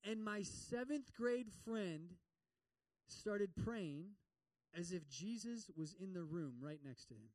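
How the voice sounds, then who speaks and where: A high-voiced man delivers a lively sermon, acting out the characters as he tells the story. He is picked up from some distance away, and the sound stays dry with little room echo. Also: slow pace. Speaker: pastor.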